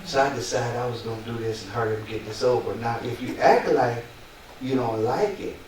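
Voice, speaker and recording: Animated pastor preaching in echoey church. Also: male voice, mid-range voice, fairly quick. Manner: animated preaching with frequent chuckles. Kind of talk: sermon. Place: large church sanctuary with congregation. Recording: echoey church, distant mic, crowd.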